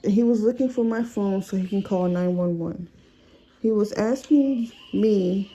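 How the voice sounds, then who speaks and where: A woman being interviewed on a recording, recounting events in a halting, plain-spoken way. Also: medium pitch, warm tone, breathy edge, dull audio.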